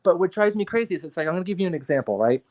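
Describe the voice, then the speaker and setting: A man talking in a casual podcast conversation, animated and profane, repeating himself as he rants. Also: high voice, rapid-fire. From New York area. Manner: animated, profane, ranting with repetitions. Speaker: guest artist and photographer.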